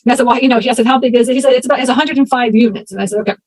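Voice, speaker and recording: A woman from Texas, in her thirties, telling stories as an interview guest in a chatty, animated way. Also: on the high side, racing, dry recording, low-quality recording. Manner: chatty, animated, acts out voices in anecdotes. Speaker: interview guest, storage investor. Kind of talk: casual interview storytelling.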